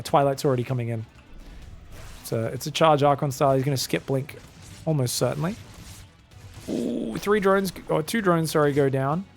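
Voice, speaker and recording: A man's voice: a little high, gravelly. A man casting a live esports match with chatty, joking play-by-play. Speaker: esports caster. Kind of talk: live game commentary.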